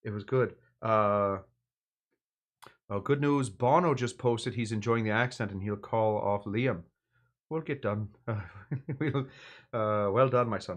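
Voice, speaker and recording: A man hosting a casual drinks livestream, rambling and hesitant, bluntly critical of what he tastes. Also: on the low side. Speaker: livestream drinks show host.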